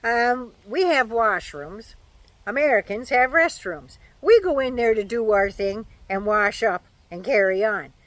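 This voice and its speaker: A woman's voice: a little high, animated, unhurried, fairly bright tone, no echo. Chatty woman vlogging outdoors. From Canada. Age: older. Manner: chatty, folksy and opinionated, with dry asides. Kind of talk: casual chat to camera. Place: outdoors at home, in the shade.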